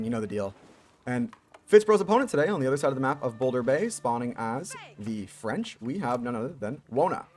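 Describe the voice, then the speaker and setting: Chatty man casting a strategy game. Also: mid-range voice. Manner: chatty, joking asides, lively emphasis. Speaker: game caster. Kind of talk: casual strategy game commentary.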